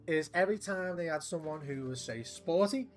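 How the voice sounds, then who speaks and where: A man's voice: a little high, moderate pace, faint music behind. Rambling, swearing male game streamer. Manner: rambling and profane, with restarts and laughs. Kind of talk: casual gameplay commentary.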